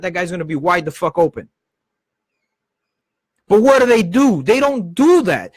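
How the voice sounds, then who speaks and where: Heated, high-voiced man ranting about football. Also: no room sound. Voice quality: heated, swearing, fast bursts. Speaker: football channel host. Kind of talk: passionate live-stream rant.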